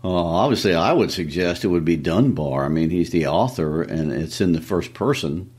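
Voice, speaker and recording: Very deep-voiced easygoing man. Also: expressive, moderate pace, a little mellow, slightly rough. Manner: easygoing, thoughtful replies with ready laughter. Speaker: teacher and podcast co-host. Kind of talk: casual podcast discussion.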